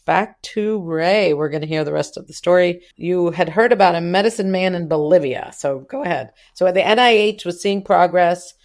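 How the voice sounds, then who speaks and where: Lady radio host nudging the guest along, lowish voice. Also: normal speed, hardly any pauses, a little mellow. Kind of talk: radio interview.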